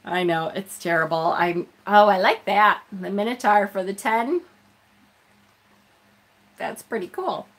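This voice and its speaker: A woman's voice: medium pitch, unhurried, long pauses. A woman hosting a casual live stream, chatting with viewers as she unboxes a tarot deck, self-deprecating and laughing often.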